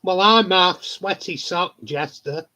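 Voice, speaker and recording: A man's voice: sits high, slow pace, bright, forceful tone. A man chatting casually on a live stream, telling funny stories, swearing freely and laughing often. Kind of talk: casual chat. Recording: dull lo-fi sound.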